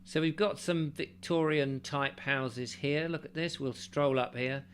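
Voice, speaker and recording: A man's voice: on the high side, unhurried, a little hiss or hum. A man reading a travel book aloud to listeners and breaking off for chatty asides. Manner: chatty, breaks off to comment, animated in the read passages. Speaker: audiobook reader and host. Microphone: desk mic with keyboard nearby.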